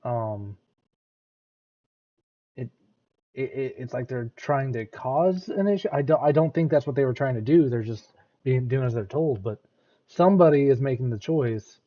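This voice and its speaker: A man's voice: mid-range voice, animated, moderate pace, long pauses, warm tone, highs cut off. An American man giving casual reaction commentary, often restarting and repeating words as he thinks aloud. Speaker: reaction streamer.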